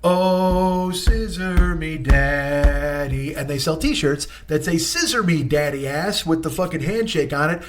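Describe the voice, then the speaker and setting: Comedian host in his forties, slightly high voice, casual, profane, rambling storyteller. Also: lively intonation, normal speed, few pauses, slight background noise. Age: 40s.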